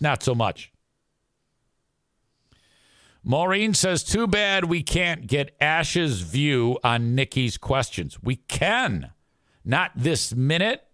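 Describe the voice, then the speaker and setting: A man's voice: on the high side, a bit bright, no echo, studio quality. A middle-aged man hosting a live stream show, talking in a crude, profane, rambling way. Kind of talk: casual live-stream talk.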